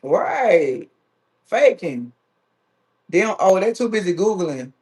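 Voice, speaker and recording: A man's voice: high-pitched, very animated, slow, a little mellow. A man hosting a live stream who chats casually and teases his viewers, reading their comments aloud. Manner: playful, teasing, reads viewer comments aloud. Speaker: livestream host.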